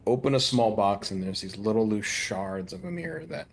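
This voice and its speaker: A man narrating as game master of a tabletop game, in an easy, descriptive way. His voice sits low and has a gravelly fry. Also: lively intonation, moderate pace.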